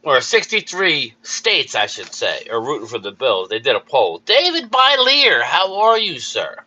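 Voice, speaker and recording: A man's voice: on the high side, wildly swooping pitch, a little slow, sharp tone, husky, rough recording. A man hosting a casual live chat, upbeat, greeting viewers by name and repeating himself. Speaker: livestream host.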